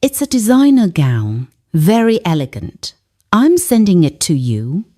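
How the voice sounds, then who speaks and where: A woman voicing a persuasive grown son, a polished businessman who talks gently but insists on getting his way. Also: lowish voice, wildly swooping pitch, a little slow, exaggerated voice. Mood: coaxing.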